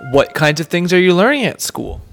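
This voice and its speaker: A woman in her thirties hosts a casual family podcast, gently quizzing and praising her young son like a teacher. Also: fairly low pitch, sing-song, fairly quick, creaky, soft background music. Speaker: podcast host and homeschooling mother.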